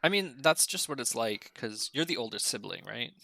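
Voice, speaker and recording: A young man with a gravelly, bright voice chimes in with short, sympathetic reactions during a casual podcast chat. His voice is dry and close to the mic. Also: medium pitch, animated, normal speed, no room sound. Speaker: podcast co-host.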